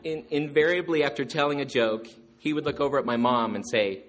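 A man telling stories about his father to a gathering, animated and acting out the jokes. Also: medium pitch, fairly quick, a little hiss or hum. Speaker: storyteller remembering his father. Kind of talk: storytelling to a gathering.

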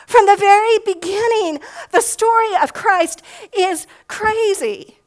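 Brief: middle-aged woman preacher with a high voice and a relaxed, conversational sermon delivery. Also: low-quality recording. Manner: conversational, asks rhetorical questions. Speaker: pastor.

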